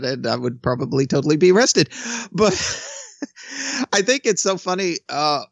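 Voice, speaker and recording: Sarcastic man with lively pitch. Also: creaky, no echo. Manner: sarcastic, animated, halting restarts. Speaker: podcast co-host. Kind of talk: casual opinion chat.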